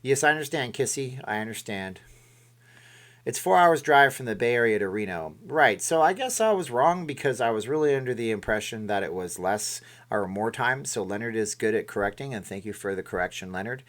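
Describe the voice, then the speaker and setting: A man's voice: mid-range voice, lively intonation, fairly quick, fairly bright tone. A middle-aged man from Canada hosting a casual live stream, reading and answering chat in a rambling way and often correcting himself.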